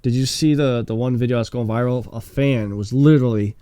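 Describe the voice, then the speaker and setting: A man co-hosting a casual sports podcast, talking in a rambling, halting way with many restarts. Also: medium pitch, dark tone, clean tone, dry recording. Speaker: podcast co-host.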